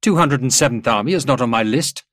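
A man voicing a stern, officious male general barking demands over a radio link, his voice pitched well above his own and louder. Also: animated, quick pace, dry recording, studio quality. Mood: demanding. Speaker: military general on a vox link.

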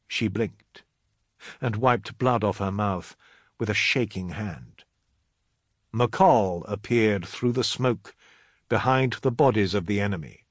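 A man narrating an audiobook in a dramatic, expressive reading. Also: fairly low pitch, slightly rough, dry recording, clean studio sound.

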